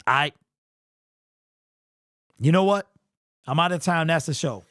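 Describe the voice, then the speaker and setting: A young man hosting a fan livestream postgame show, talking excitedly and casually to his chat in slang. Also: fairly high pitch, takes it slowly. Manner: excitable, slangy, talks straight to the chat with lots of "bro".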